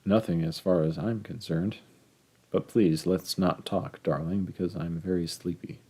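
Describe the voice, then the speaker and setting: A man's voice: sits low, fairly even intonation, unhurried, warm tone, husky, heavily acted. A man reading aloud, voicing a cool, sweetly mocking wealthy wife in an audiobook story.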